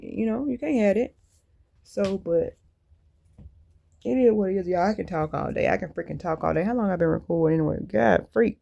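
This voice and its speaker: A woman's voice: medium pitch, vocal fry, mellow. A woman vlogger rambling candidly to her viewers in a blunt, colloquial way. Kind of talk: casual monologue to viewers.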